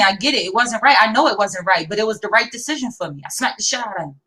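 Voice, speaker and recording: A woman's voice: medium pitch, animated, racing, sharp tone, poor audio. A young woman, talking bluntly and defiantly with heavy profanity in a casual livestream discussion. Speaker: livestream co-host.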